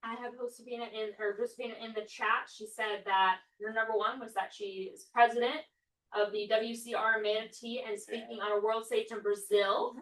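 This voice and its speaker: Careful woman, higher voice, echoey and distant. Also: steady tone, moderate pace, fairly bright tone. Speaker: agent at a team meeting. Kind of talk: relaying a colleague's answer. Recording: echoey room, mic far off.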